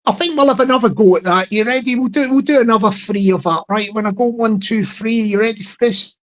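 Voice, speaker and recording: A man's voice: sits high, poor audio. A man on a casual live stream, playfully repeating a catchphrase and coaxing his chat to join in. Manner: repetitive, playful, drawn-out delivery.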